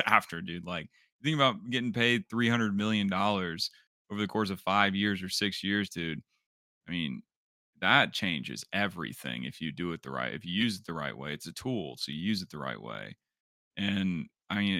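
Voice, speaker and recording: A young man co-hosting a casual sports podcast, rambling through his take with plenty of filler words. His voice is bright and forward, sitting a little low. The sound is dry and close to the mic. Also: no room sound. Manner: rambling, animated, swears, laughs when worked up. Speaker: podcast co-host.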